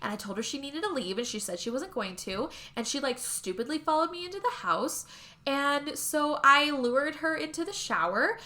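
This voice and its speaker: A woman's voice: high-pitched, sing-song, moderate pace, pushed and bright. A woman co-hosting a podcast, casually retelling a film's plot and acting out the characters' lines, with some swearing. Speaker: podcast co-host. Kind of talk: casual movie recap chat.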